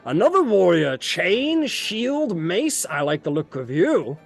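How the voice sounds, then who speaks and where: A man's voice: high-pitched, very animated, slow, gravelly, soft background music, exaggerated voice. A man voicing a boisterous, burly male knight who loves drinking and brawling, hearty and boastful in speech. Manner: hearty and boastful, loud jovial taunts.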